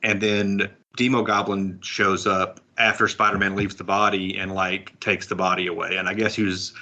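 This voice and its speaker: A man with a lowish voice talks through comics in a relaxed podcast chat, pausing to muse and hedge as he goes. His tone is bright and forceful even while he wonders aloud. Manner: musing, hedging with "I guess" and "I think". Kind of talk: casual chat.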